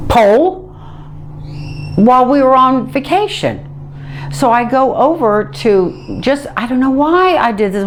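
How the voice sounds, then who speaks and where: A woman's voice: medium pitch, a little hiss or hum. A middle-aged woman vividly retelling a personal story, acting out what people said. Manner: vivid, animated retelling with acted-out quotes.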